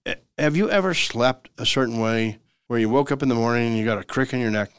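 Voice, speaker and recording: A man's voice: medium pitch, quick pace, clean tone, no room sound. Emphatic male lawyer host, dry sound. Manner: emphatic and repetitive, acts out everyday dialogues. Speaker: lawyer hosting a legal radio show. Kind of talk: conversational legal advice talk.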